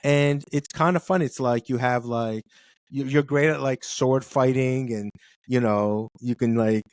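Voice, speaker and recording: A man's voice: mid-range voice, fairly even intonation, unhurried, darkish tone, no echo, studio quality. A man hosting an interview, chatty and joking, with lots of restarts. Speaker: podcast host. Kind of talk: casual interview.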